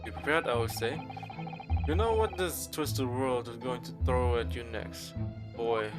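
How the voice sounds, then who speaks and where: A man's voice: mid-range voice, measured pace, voice pushed down, close to an everyday voice. A man voicing a pompous retired army officer, an older British man, over game music. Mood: blustering. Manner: blustering, stiff-upper-lip.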